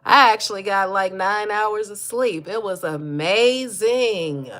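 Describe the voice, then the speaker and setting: A woman's voice: mid-range voice, slow, fairly bright tone. A woman, hosting a casual mental health livestream, chatty and encouraging, greeting viewers and reading their comments aloud. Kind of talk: casual motivational livestream talk.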